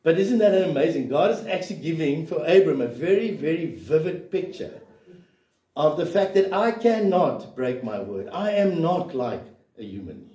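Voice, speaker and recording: This pastor's voice is on the high side yet dark in tone, with lively intonation and a normal speed. He preaches emphatically in a church hall, firing off rhetorical questions, and the echoey room leaves him sounding distant.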